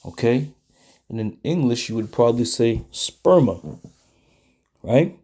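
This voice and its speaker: A man teaching a Bible study lesson in a deliberate way, often pausing to check in with his listeners. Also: mid-range voice, dark tone.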